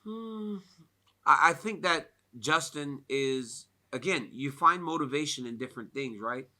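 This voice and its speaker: A US man with a voice on the high side talks a little slowly at a fight media day. Telling stories in a relaxed, animated way, he laughs often and drops in plenty of "like" fillers.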